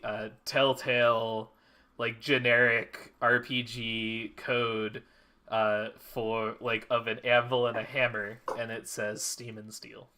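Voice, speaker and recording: Slow, halting game master man. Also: mid-range voice, pushed and bright. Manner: halting, filler-heavy narration. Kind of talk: narrating a tabletop game.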